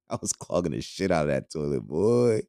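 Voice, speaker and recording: A man's voice: very deep voice, sing-song, a little fast, gravelly, mellow, clean tone, dry recording, clean studio sound. A man hosting a podcast, ranting crudely and jokingly in a loose, rambling way, laughing often. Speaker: podcast host. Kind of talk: casual podcast rant.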